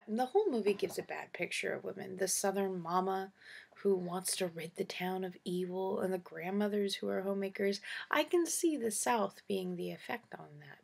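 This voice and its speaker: A woman's voice: medium pitch, gravelly, husky. A woman hosting her own show, casually and opinionatedly reviewing movies with sarcastic asides.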